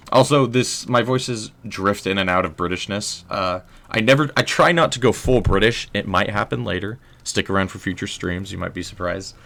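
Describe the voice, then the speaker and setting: A man's voice: lowish voice, brisk, gravelly, few pauses, a bit bright, soft background music. A young man casually commenting on his gameplay, chatting with viewers and joking at his own expense. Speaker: livestreamer and writer.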